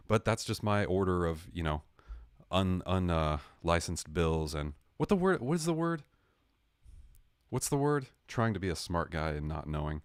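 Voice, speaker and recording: A man's voice: low-pitched, sing-song, moderate pace, no echo, clean studio sound. A man hosting a livestream, telling a story in a jokey, sarcastic way and correcting himself as he goes. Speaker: livestream host. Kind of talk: casual storytelling rant.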